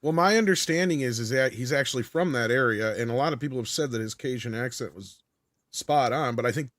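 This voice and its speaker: A man explaining his view matter-of-factly in casual chat. His tone is sharp and bright, and the sound is dry. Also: mid-range voice, fairly quick, dry recording. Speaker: panelist.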